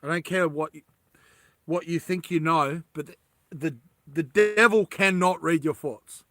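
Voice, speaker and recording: A man's voice: fairly high pitch, measured pace, fairly bright tone. A man talking casually on a livestream, rambling and often laughing as he addresses his viewers.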